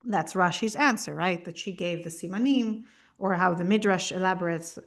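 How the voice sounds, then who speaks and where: A woman's voice: on the low side, moderate pace. A woman teaching a text-study lesson, mixing in Hebrew terms and checking in with her listeners as she explains. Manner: explains patiently, often checking in with "right?". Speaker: Torah teacher.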